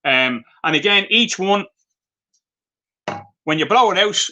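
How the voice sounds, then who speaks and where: This live stream features an Irish craft vendor whose high voice is animated, bright and forceful, yet unhurried, with highs cut off. He presents his handmade pieces through chatty, filler-laden, light-hearted stories.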